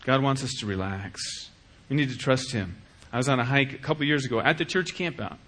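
A middle-aged man preaching a sermon as pastor, acting out little dialogues in an animated way. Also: mid-range voice, brisk. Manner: animated, acts out dialogues with shifting voice.

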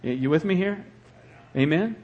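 A middle-aged male pastor preaching a sermon with animated delivery and acted asides. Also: fairly high pitch, moderate pace, highs cut off.

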